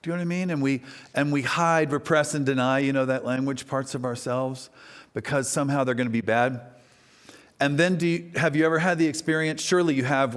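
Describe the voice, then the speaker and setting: A man from Texas giving a conversational sermon at a spiritual center, chatty and animated, often asking the audience questions. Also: medium pitch. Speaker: guest speaker at a spiritual center.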